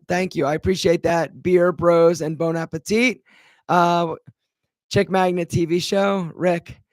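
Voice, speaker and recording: A man's voice: high-pitched, no room sound, clean studio sound. A man, a brand founder, answering viewer questions in a casual live Q&A, chatty and full of fillers. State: a bit out of breath.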